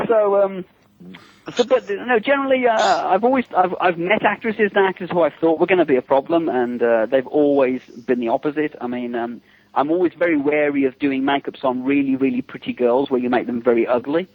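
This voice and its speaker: A man, a makeup artist telling stories in a lively, chatty way during a radio interview. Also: on the high side, fairly quick, breathy edge. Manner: animated, chatty, frequent fillers, acts out others' voices. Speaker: special effects makeup artist, interview guest. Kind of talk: anecdotal storytelling in a radio interview. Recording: dull lo-fi dry radio recording.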